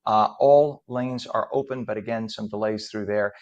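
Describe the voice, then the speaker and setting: A man's voice: lowish voice, fairly even intonation, normal speed, darkish tone, highs cut off. A middle-aged man hosting a morning TV news and talk show, chatty and a bit rambling, reading traffic and introducing guests. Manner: chatty, rambling, self-deprecating.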